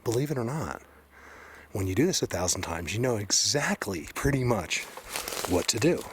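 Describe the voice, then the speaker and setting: Excitable rambling man in a forest. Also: lowish voice, normal speed. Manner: rambling and excitable, drops to hushed tones. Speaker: bigfoot researcher vlogger. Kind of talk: casual walking vlog. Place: outdoors in a forest. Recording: outdoor ambient noise.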